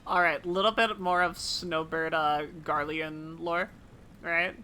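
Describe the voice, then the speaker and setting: A woman's voice: sits low, steady tone, slow, sharp tone, a little hiss or hum. A woman streaming a game live, chatting casually and playfully with her viewers and teasing herself. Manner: playful, self-mocking, talks to chat.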